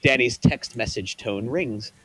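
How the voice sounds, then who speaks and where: A man reads scene directions aloud for a table read. His delivery is plain and even, setting each scene. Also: mid-range voice, unhurried, slightly rough, no room sound. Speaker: narrator reading stage directions.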